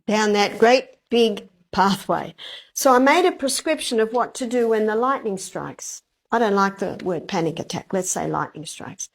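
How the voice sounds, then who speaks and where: A woman giving a health lecture to a live audience, telling a story and asking the audience rhetorical questions. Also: a little high. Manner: acts out quoted dialogue.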